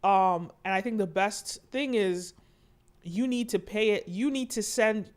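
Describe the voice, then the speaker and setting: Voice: medium pitch, measured pace. Casual commentary host. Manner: conversational, with fillers and asides.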